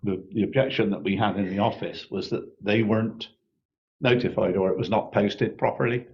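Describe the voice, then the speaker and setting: A man's voice: on the low side, fairly quick. A man chairing a council meeting, hesitantly summing up a decision. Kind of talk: meeting discussion. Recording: dull, muffled audio.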